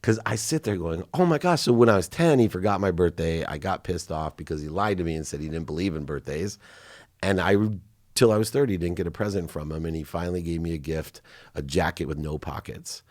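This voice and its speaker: A man's voice: sits low, a little fast, darkish tone, no room sound, clean studio sound. A middle-aged man, a podcast guest, telling candid personal stories with feeling, choking up at times.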